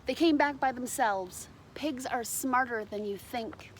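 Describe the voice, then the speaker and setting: A woman's voice: fairly high pitch, a little slow, a little hiss or hum, natural voice. A woman voicing a spunky, bossy young farm girl in a storybook reading. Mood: chatty. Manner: yelling, sassy.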